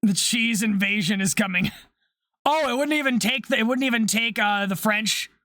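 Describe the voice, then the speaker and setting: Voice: medium pitch, moderate pace, sharp tone, dry recording, studio quality. A live streamer chatting casually while building LEGO, reacting to chat messages, laughing often and swearing freely.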